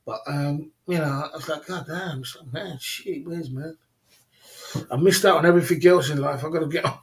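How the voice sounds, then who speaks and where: Rambling man on a livestream. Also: on the high side. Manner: rambling, repeats "you know what I mean". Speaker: livestream host. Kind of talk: casual livestream chat reading comments.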